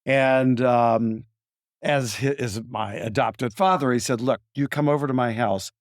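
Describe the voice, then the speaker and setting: A man's voice: medium pitch, measured pace, dry recording. A man in his sixties from Memphis with a Southern accent, telling stories as a winery owner in a studio interview. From Memphis, Tennessee. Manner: relaxed, reminiscing, easygoing. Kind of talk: storytelling interview answers.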